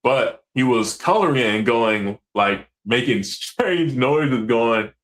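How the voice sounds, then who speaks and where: A man, a commercial fisherman, telling stories in a casual, animated way, acting out quotes and swearing freely. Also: medium pitch, takes it slowly. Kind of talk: casual storytelling.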